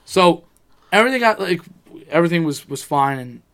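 A man's voice: fairly high pitch, expressive, brisk, fairly bright tone. A man in casual chat, telling a rambling personal story, swearing freely and acting out what people said.

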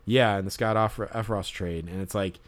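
A man's voice: on the low side, fairly even intonation, normal speed. A man telling a story in casual podcast chat, rambling with lots of fillers and restarts.

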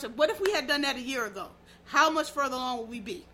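High, bright-voiced blunt woman ranting. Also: quick pace, few pauses, a little hiss or hum. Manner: blunt, profane, emphatic. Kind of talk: casual ranting commentary.

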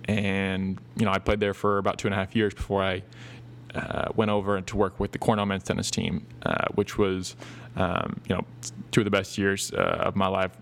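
A man's voice: low-pitched, little pitch movement, moderate pace, creaky, slight background noise. A young man in his twenties hosting a solo podcast, talking loosely with many fillers and restarts. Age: 20s. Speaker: podcast host. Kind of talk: casual solo podcast talk.

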